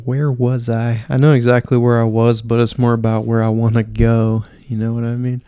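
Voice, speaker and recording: A man's voice: medium pitch, little pitch movement, moderate pace, mellow, clean tone. A man hosting a casual solo podcast, rambling and swearing in an offhand way. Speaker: podcast host.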